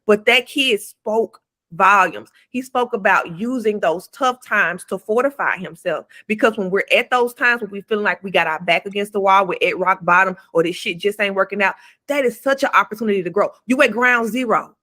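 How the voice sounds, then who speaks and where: A woman's voice: mid-range voice, normal speed, sharp tone. A woman co-hosting a podcast, giving blunt, emphatic advice in casual talk and swearing freely. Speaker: podcast co-host.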